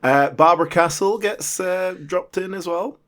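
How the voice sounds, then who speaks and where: A man co-hosting a chat podcast who makes quick jokey asides. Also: high voice, fairly bright tone. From Britain. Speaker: podcast co-host. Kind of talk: casual chat.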